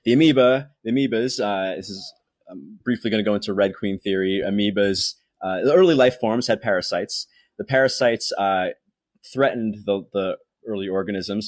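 A man's voice: on the low side, dry recording. A young man hosting a podcast, explaining ideas in a rambling casual monologue full of fillers and restarts. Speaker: podcast host.

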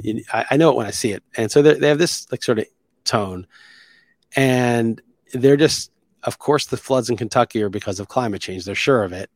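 A man's voice: fairly low pitch, no room sound. A man hosting a solo podcast, talking in an opinionated, sarcastic, rambling way with many restarts. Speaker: podcast host.

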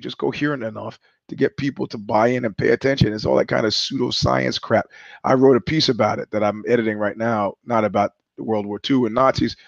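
A man's voice: medium pitch, vocal fry, no room sound, highs cut off. A man hosting a podcast, talking through a sardonic, rambling monologue with many restarts. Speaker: podcast host. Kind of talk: casual monologue.

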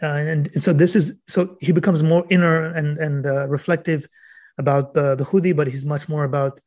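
A man, a guest author on a podcast interview, explaining poetry earnestly and reading verse aloud slowly, often repeating words as he thinks. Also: a little high, steady tone, darkish tone.

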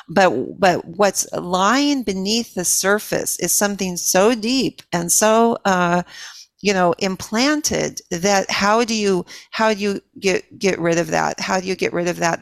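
Older woman, halting, dry close sound. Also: fairly low pitch, a bit bright, no room sound. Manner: halting, many restarts and repeated words. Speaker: guest. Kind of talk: reflective interview conversation.

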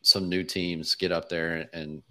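Deep-voiced man hosting a sports podcast. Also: flat delivery, bright, forceful tone. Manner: measured, thinking aloud with hedging. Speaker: podcast host. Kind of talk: casual podcast chat.

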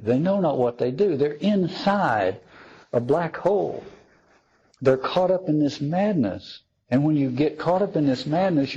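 A man's voice: a little high, mellow, slightly rough, lo-fi sound. A man giving a reflective spoken talk on theology, thoughtful and wry, often restarting his sentences. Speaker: speaker on theology.

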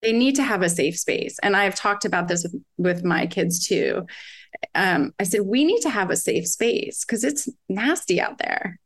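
A woman's voice: medium pitch, lively intonation, moderate pace. A woman in her forties, a mother talking earnestly in casual conversation, rambling with restarts and many fillers. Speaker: podcast guest, mother.

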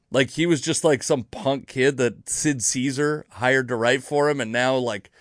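A man's voice: medium pitch, dry recording, clean studio sound. A man hosting his own comedy podcast, rambling through dates and topics in casual, self-correcting chat with the odd curse. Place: near Seattle.

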